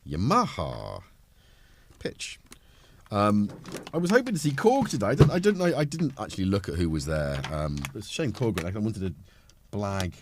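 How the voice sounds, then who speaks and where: A man's voice: lowish voice, big pitch swings, a little fast, background noise. Rambling man with a cold. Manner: rambling, self-mocking, talks while tinkering. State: has a cold. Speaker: livestream host. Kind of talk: casual live-stream chat.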